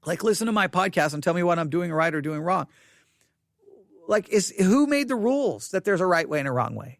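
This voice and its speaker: A man hosting a solo podcast, talking off the cuff in an animated, repetitive way with many restarts. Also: high-pitched, a little fast, gravelly, dry recording, clean studio sound. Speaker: podcast host. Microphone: studio microphone.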